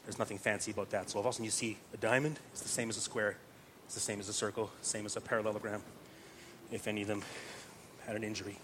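A man's voice: lowish voice, level tone, fast talker, noisy background. A man patiently teaching how to chant a psalm, step by step, using plain comparisons. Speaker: chant instructor.

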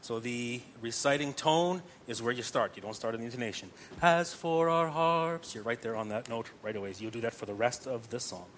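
A man's voice: mid-range voice, fast talker, few pauses, a bit bright, slight background noise. A man teaching psalm chanting step by step, patient and explanatory, often checking that listeners follow.

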